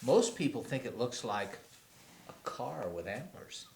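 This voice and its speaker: A young adult actor in a student comedy short plays a smug, tactless quack doctor, glib and mocking, and slips into a fake French accent for jokes. His mid-range voice is very animated yet unhurried, gravelly and darkish in tone. The room is echoey, with a little hiss or hum.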